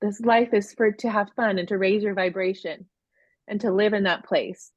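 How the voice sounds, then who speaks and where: A woman's voice: mid-range voice, steady tone, normal speed, dry recording. A woman in her forties co-hosting a parenting course on a video call, talking in a heartfelt, rambling way with many restarts. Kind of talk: emotional casual talk on a live video course. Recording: dull lo-fi sound.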